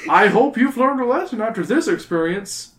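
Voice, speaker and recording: An indignant middle-aged teacher delivers a lecture to his students, as a man puts him on. The voice is pushed up high above a plain speaking voice and comes off lecturing and cross. It sits in an echoey room. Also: animated, moderate pace, fairly bright tone. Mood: scolding.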